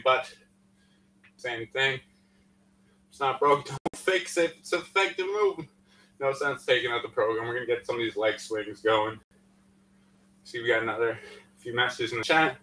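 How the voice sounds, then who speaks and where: Poor audio captures a male fitness instructor with a medium-pitched, somewhat bright voice. Breathless after exercising, he guides a live-streamed workout, counting down, encouraging, and chatting with many fillers.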